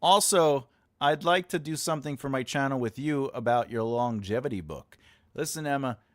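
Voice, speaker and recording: A man's voice: medium pitch, moderate pace. A man hosting a live writing class, chatting casually and jokingly with his audience, rambling with many filler sounds and answering chat comments aloud. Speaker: writing teacher and host.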